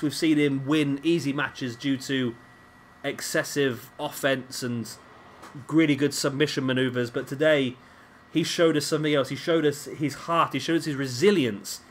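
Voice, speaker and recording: A man hosting a gaming channel, giving excitable let's-play commentary on a wrestling game and urging the wrestlers on aloud. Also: mid-range voice, a little hiss or hum.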